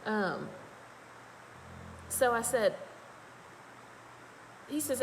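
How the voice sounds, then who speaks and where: Woman with a Louisiana accent, folksy, rambling storyteller, mid-pitched, light background noise. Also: slow pace, long pauses, low-quality recording. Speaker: makeup vlogger. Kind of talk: casual storytelling livestream.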